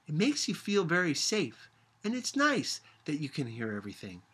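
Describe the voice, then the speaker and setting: A man's voice: fairly high pitch, wildly swooping pitch, moderate pace, fairly bright tone, breathy edge, exaggerated voice. A man doing an anxious, stubborn little girl. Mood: earnest.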